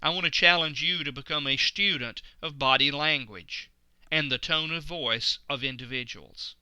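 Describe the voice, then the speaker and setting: Male instructor, very bright and crisp, dry close recording, measured lecture delivery. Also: on the high side, no room sound. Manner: slow, deliberate emphasis on key words.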